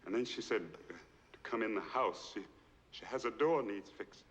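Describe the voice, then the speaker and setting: A man playing a humble soft-spoken witness. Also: fairly low pitch, normal speed, slight background noise, lightly acted. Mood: earnest. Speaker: witness in a courtroom film scene. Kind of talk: film drama testimony. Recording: long hall reverb, old film clip.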